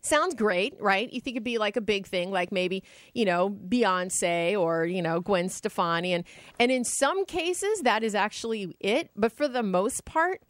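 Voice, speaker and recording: A woman co-hosting a casual chat show, talking quickly and laughing often. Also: medium pitch, lively intonation, no echo. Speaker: co-host.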